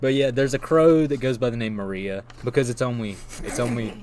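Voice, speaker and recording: Man rambling through an excited recap. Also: medium pitch, a little fast. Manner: rambling, enthusiastic plot recap with laughter. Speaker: podcast co-host. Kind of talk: casual chat.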